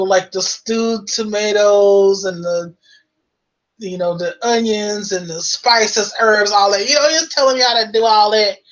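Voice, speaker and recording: An American woman telling a story in a casual, animated way, full of "you know" and laughter. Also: medium pitch, highs cut off. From United States. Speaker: vlogger.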